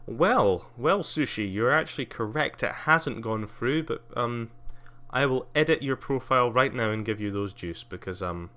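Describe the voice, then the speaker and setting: A man's voice: mid-range voice, expressive, moderate pace, hardly any pauses, bright, forceful tone. A young man streaming live, rambling casually with lots of fillers and frequent laughs.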